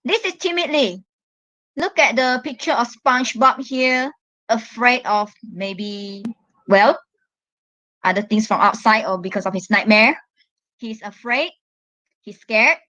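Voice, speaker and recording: A woman from Malaysia teaches an online English class at an unhurried pace, walking students through each answer with patient care. Her voice sits a little high, and the recording is close and dry. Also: pushed and bright, no room sound, lo-fi sound. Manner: slow, patient, explains step by step.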